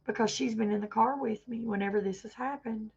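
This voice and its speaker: A woman with a gravelly, husky voice, a little higher than most, talking on a livestream. She speaks earnestly and rambles, circling back and repeating herself. The audio is dull and lo-fi. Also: steady tone, a little fast, darkish tone. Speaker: livestream vlogger. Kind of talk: emotional personal livestream talk.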